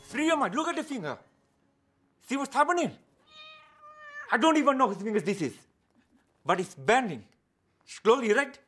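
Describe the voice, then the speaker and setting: An actor playing an eccentric male psychic in a comedy sketch, talking in broken English with excitable, crude patter. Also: sits high, exaggerated voice. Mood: hypnotic. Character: eccentric male spoon-bending psychic impression.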